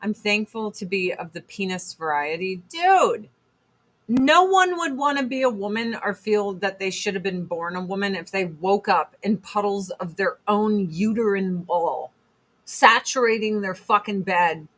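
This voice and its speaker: A middle-aged woman hosts a casual livestream. She talks bluntly and rambles, with plenty of swearing, at a medium pitch. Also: expressive, unhurried, a bit bright. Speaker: livestream host selling beauty products.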